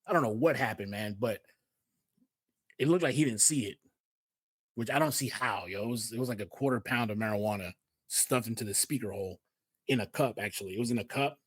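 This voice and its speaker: Fairly low and slightly rough, this man's voice moves a little fast but breaks into long pauses as he hosts a relaxed Bible message. He's from Houston, Texas, and his slangy talk is peppered with "yo," "man," and "you know what I mean." The recording is dry.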